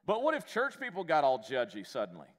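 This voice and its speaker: A man preaching a live sermon as pastor in a church, animated and joking, with self-deprecating humor. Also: fairly high pitch, fast talker, in a large hall. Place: church sanctuary.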